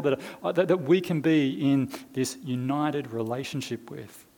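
A man's voice: a little high, normal speed, dark tone. A man preaching a conversational sermon in a church, with many restarts and fillers. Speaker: pastor. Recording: long reverb of a church hall.

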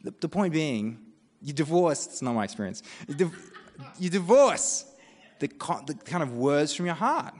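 A man with an Australian accent preaches a sermon in a conversational, animated way. He breaks off into quoted asides. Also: a little high, moderate pace. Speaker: pastor. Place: church. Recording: long church reverb.

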